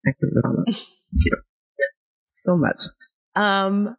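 A woman's voice: lowish voice, moderate pace, vocal fry, pauses often, slightly rough. A woman in her thirties hosting a podcast in casual chat, playful and laughing, stuffy from a cold. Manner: playful, laughing, self-mocking. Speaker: podcast host.

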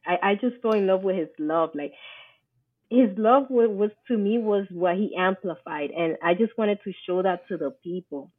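A woman guest telling her faith story in casual chat, animated and acting out the voices of people she quotes. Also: mid-range voice, moderate pace. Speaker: podcast guest. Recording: tinny phone-like line.

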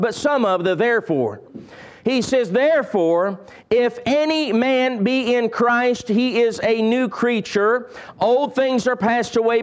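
A man preaching a sermon to his church as pastor, emphatic and repetitive, swinging between soaring lines and sudden quiet drops. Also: high-pitched.

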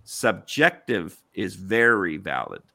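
A man's voice: sits low, sing-song, takes it slowly, creaky, bright, forceful tone, dry recording. A man in a heated online panel discussion, arguing insistently and firing off rhetorical questions.

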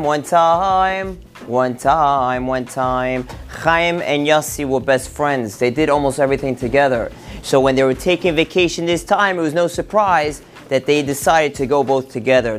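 A man, a rabbi hosting a podcast, tells a parable, jumping into his characters' lines as he narrates. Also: on the high side. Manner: animated storyteller, acting out characters' lines. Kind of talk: storytelling a parable.

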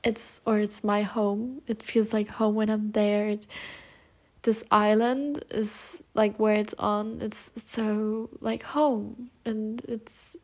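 A young woman hosts her own casual solo podcast in a mid-range voice with little pitch movement, speaking slowly. She's emotional and confessional, laughs often, and rambles with many fillers, restarts, and self-corrections.

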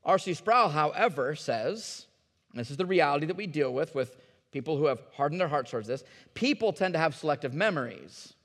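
A man's voice: fairly high pitch, lively intonation, brisk, fairly bright tone, long reverb tail. A man preaching a sermon as a pastor, talking to the congregation in an earnest, conversational way and often repeating his words.

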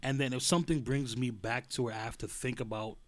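A man's voice: medium pitch, fairly even intonation, brisk, no room sound. A man chatting casually in a group, laid-back and slangy, getting emphatic as he retells stories.

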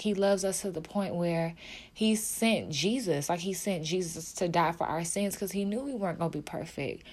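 Young woman, heartfelt faith talk, emotional, lowish voice, casual fillers. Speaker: video creator.

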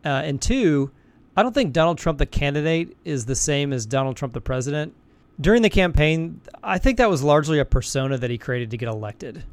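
Measured male interviewer. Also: on the high side, animated, no echo. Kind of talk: interview questions.

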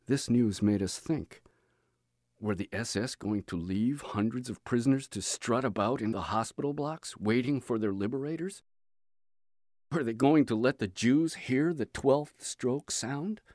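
A man reading a book aloud as an audiobook for his students, measured and earnest. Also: medium pitch, a little mellow, no room sound, clean studio sound.

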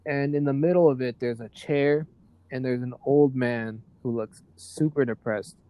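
A man's voice: mid-range voice, fairly even intonation, moderate pace, dark tone, clear, resonant tone. A man narrating a tabletop role-playing game as game master, loose and rambling with many fillers.

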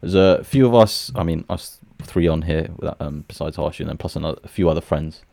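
A man's voice: a bass voice, a little fast, creaky, warm tone, no room sound. A man co-hosting a podcast, telling a story in an upbeat, laid-back way with plenty of fillers. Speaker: podcast co-host. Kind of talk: casual chat.

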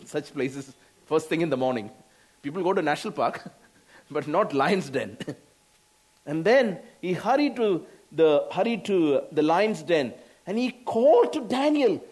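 A man with an Indian English accent preaching a sermon, slow, with frequent laughs and exclamations. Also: sits high, expressive, darkish tone.

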